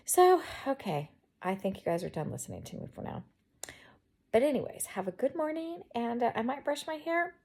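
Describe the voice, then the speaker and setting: A woman with a Southern accent rambles in a casual chat from her bedroom. Her voice sits fairly high but sounds mellow and dark in tone, with a gravelly fry running through it. She talks in a quirky, chatty way. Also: big pitch swings, moderate pace. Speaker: vlogger.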